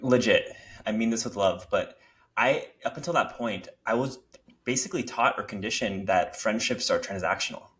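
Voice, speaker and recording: A young man with a lowish voice talks as a podcast guest, reflecting out loud and groping for the right words. He speaks in a casual, heartfelt conversational style. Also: normal speed.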